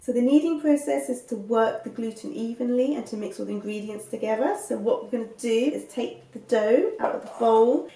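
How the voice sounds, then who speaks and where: A woman's voice: fairly high pitch, a little fast, hardly any pauses, mellow. A woman hosting a home cooking lesson, explaining each step in a chatty, encouraging way. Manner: encouraging, chatty, gets out of breath while kneading. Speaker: cooking show host.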